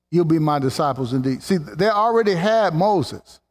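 A man preaching a sermon with fervor, building up to exclamations and slowing down to stress key words. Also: a little high, lively intonation. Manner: fervent, rising to exclamations and slowing for emphasis. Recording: long hall reverb.

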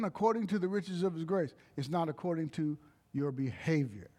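A man preaching a sermon, slow and emphatic, breaking into short exclamations of praise. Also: on the high side, expressive, mellow.

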